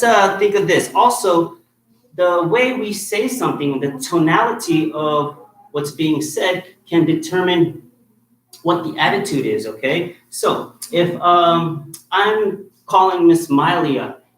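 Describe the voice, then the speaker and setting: A man's voice: a little high, slow pace, a bit bright. A man teaching a kids' martial arts class, firm and encouraging, checking in with "okay?" after nearly every point. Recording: echoey room with faint noise.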